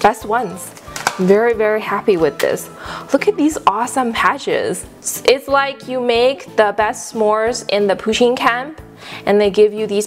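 A woman hosting an unboxing video, gushing excitedly with frequent gasps and exclamations. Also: medium pitch. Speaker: unboxing channel host. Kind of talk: casual unboxing review.

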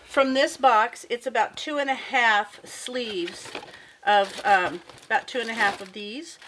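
A friendly woman hosts her own cooking video, talking easily and explaining each step as she mixes ingredients in her home kitchen. Her voice sits a little high, with a faint hiss behind it. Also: pushed and bright. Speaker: cooking channel host. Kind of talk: casual cooking demonstration.

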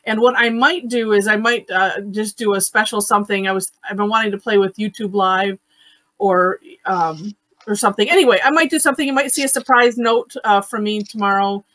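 A woman's voice: mid-range voice, steady tone, fairly quick, fairly bright tone, dry recording. A woman hosting an online drawing class over a video call, chatty and giggly, with lots of fillers and restarts. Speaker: online art class host. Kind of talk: casual live-stream teaching.

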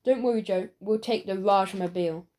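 A woman's voice: medium pitch, normal speed, mellow, slight background noise, lightly acted. A woman reading an audiobook, voicing a kind, chatty, scatterbrained middle-aged male shopkeeper. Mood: kindly. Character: kindly cheerful male newsagent, middle-aged.

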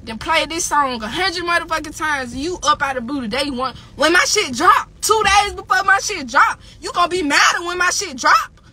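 A woman's voice: extremely high pitch, lively intonation, moderate pace, pushed and bright, a little hiss or hum. A woman rapper ranting angrily on a livestream. She swears constantly and keeps hammering the same insults and phrases. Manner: heated, profane, repeats insults. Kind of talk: angry livestream rant.

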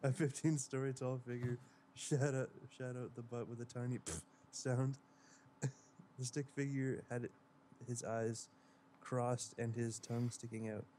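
A man's voice: mid-range voice, level tone, a little slow, warm tone, a little hiss or hum. A man reading a silly story aloud to friends, giggling as he goes. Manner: giggling through the lines. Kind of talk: comedic dramatic reading among friends.

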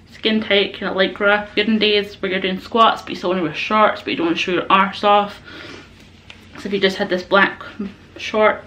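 A woman's voice: medium pitch, a bit bright. A young woman chatting casually through a gym wear haul, rambling and enthusiastic, a little out of breath. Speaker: vlogger.

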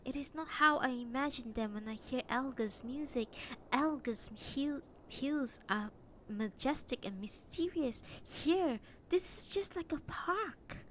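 Woman doing a touchy middle-aged lady on holiday, formal careful way of talking, kinda high voice, faint rumble behind. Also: animated, a little slow, a bit bright. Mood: indignant.

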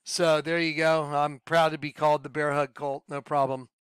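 Excitable high-voiced man preaching. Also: normal speed, clear, resonant tone, no room sound. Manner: excitable, rambling, laughs at his own points. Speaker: online preacher. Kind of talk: informal video sermon.

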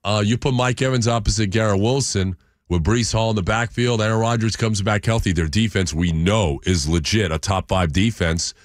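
A man in his forties hosting sports talk radio, telling stories with animated, acted-out scenes. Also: on the low side, moderate pace, no room sound, clean studio sound. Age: 40s. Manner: animated storyteller, acts out scenes. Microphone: studio microphone.

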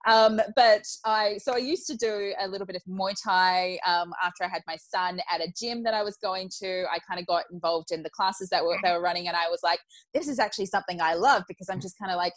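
A woman's voice: lowish voice, quick pace, dry recording. A woman in her thirties, a podcast guest, talking candidly and chattily and laughing easily. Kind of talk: casual podcast conversation.

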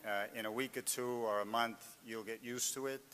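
A man's voice: medium pitch, fairly even intonation, normal speed, a bit bright, big-room sound. A man with a Boston accent, an author speaking earnestly and restarting his sentences often as he reflects on his life and addresses students. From Greater Boston.

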